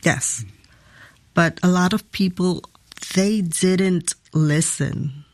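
Very slow-speaking woman, dry sound. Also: on the low side, dry recording. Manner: slow, sparse answers. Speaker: interviewee.

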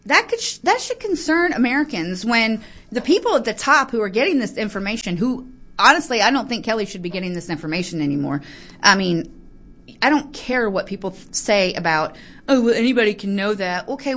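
A woman with a slightly higher voice delivers a heated political rant to camera. She talks in a fired-up, aggravated way and keeps breaking off to apologize before pressing on. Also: expressive, a bit bright. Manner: fired-up, ranting, quick to get aggravated; frequent apologetic asides. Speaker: political commentator. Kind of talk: heated political commentary vlog.

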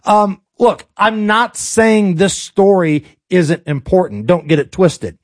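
A man's voice: high voice, slow pace, no room sound. A male talk radio host ranting about politics in a sarcastic, colloquial, joking way. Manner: sarcastic, colloquial, jokey rants.

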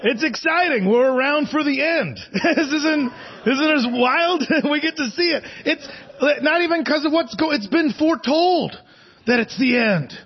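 A stand-up comedian in his forties performs live on a theater stage, his extremely high-pitched voice animated and a little slow, with the highs cut off. He rambles, mocks himself, and chuckles at his own jokes as the audience laughs.

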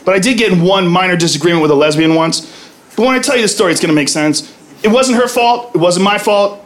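A man doing a profane stand-up comedy routine on a club stage, brash with loud punchlines. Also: high voice. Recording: live club recording, audience laughter. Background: crowd laughing.

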